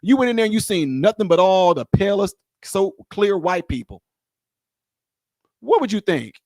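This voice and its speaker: A high-pitched man talks straight into a dry, close mic, teasing and animated as he comments on a clip. He repeats his lines for effect and keeps the banter going. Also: moderate pace, no room sound. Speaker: video commentator. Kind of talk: reaction commentary.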